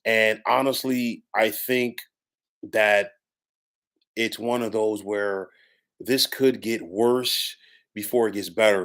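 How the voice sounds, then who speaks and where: A man delivering a solo sports opinion monologue, emphatic and given to repeating stock phrases. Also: lowish voice. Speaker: sports commentator.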